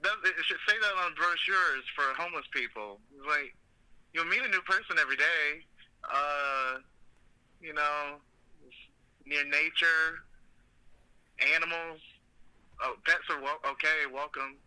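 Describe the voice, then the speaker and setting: Guy hosting a chill podcast, kinda high, super bright sharp voice, rambles and swears a lot. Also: unhurried, pauses often, clear, resonant tone, low-quality recording. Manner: rambling, joking, profane storytelling. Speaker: podcast host. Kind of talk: casual comedic chat.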